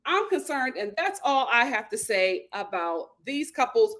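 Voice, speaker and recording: A high-voiced woman hosts a reality TV recap. Her pitch swings all over as she gives opinions straight to her viewers. She reads out their comments in a chatty style. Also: big pitch swings, measured pace, fairly bright tone. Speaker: host. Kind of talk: casual reality TV recap chat.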